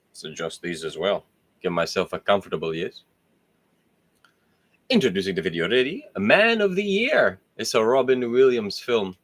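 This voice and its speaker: A man's voice: low voice, moderate pace, pauses often. A man hosting his own show in a casual, rambling monologue, laughing often and swearing freely. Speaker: host.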